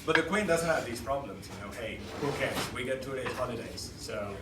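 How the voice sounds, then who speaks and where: A man's voice: medium pitch, expressive, a little fast, very noisy. A man, from India, performing live stand-up comedy in a chatty, cheeky way and laughing at his own jokes, on a venue stage. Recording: echoey live room from a distance, loud crowd. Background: loud audience laughter and cheers.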